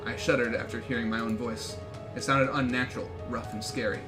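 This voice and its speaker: A man's voice: medium pitch, fairly even intonation, moderate pace. A man streaming a game, reading the story aloud with jokey, swearing asides. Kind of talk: reading a visual novel aloud on a live stream. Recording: game music behind voice.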